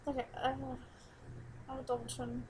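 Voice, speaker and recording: A woman's voice: sits high, completely flat delivery, a little fast, darkish tone, slight background noise, rough recording. A teenage girl vlogging casually into a webcam at home, chatty and giggly and rambling between topics. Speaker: new vlogger.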